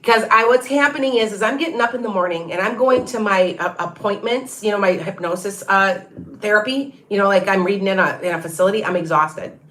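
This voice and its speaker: A woman's voice: medium pitch, a little fast, fairly bright tone. Middle-aged woman, tarot reader, loose rambling livestream chat with viewers. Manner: rambling, chatty, many restarts and asides.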